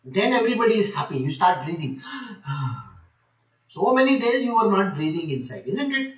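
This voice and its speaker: A man's voice: high-pitched, very animated, quick pace, recorded from a distance. A man explaining scripture to a live audience in a chatty way, often asking them questions. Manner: conversational, asks the audience questions, light jokes. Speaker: spiritual teacher. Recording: echoey room, speaker off-mic.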